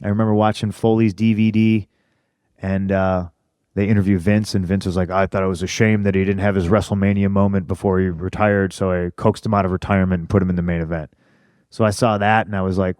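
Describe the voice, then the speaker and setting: A middle-aged man telling a profane story in casual talk, getting more animated whenever he quotes his own rants. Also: sits low, a little fast, smooth, no room sound, clean studio sound.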